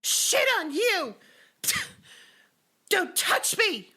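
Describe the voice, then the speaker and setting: A woman voicing a savage possessed young girl who screams threats and curses in a high-pitched, cracking voice. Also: huge pitch swings, very slow, bright, forceful tone, exaggerated voice. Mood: screaming, vicious.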